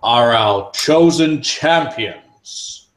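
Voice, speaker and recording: A man voicing a stern male tribal chief, booming and authoritative, who speaks slowly with weighty pauses. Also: lively intonation, reverberant. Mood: solemn. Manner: slow and solemn, with weighty pauses.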